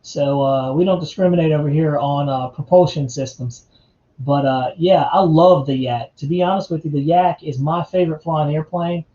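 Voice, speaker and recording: A man's voice: a little high, fairly even intonation, moderate pace, dark tone, reverberant, muffled recording. A man from North Carolina, hosting a casual live chat, laid-back and chatty and calling his viewers man and dude. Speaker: livestream host.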